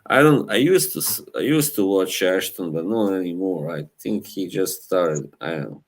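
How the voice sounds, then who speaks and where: A young man with an Eastern European accent, hosting a casual live chat, relaxed and halting, laughing often. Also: sits low. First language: Slavic language. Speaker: livestream host.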